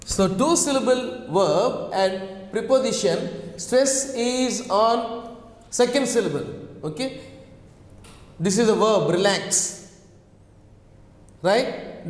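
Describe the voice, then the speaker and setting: A man teaching a pronunciation lesson, speaking slowly and repeating words as he drills the class with questions. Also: very high voice. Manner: slow, repetitive, drills words and asks questions. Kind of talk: online English pronunciation lesson. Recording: echoey room with long reverb.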